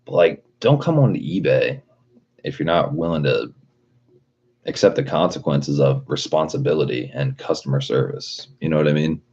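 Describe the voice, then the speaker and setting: A man's voice: a bass voice, expressive, normal speed, darkish tone, husky, highs cut off. A man talking casually on a livestream, ranting in a rambling, profane way and reading out chat messages.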